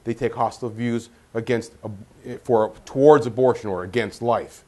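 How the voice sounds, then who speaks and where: A man's voice: medium pitch, steady tone, normal speed, dark tone. A man speaking as a guest on a political panel, earnest and repeating words as he searches for them.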